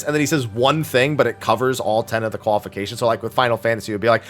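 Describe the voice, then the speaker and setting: A man's voice: medium pitch, fast talker, hardly any pauses, a bit bright, soft background music. A man streaming a weekly Q&A, talking casually and rambling with lots of fillers, restarts and casual swearing. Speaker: streamer answering viewer questions. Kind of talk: casual chat.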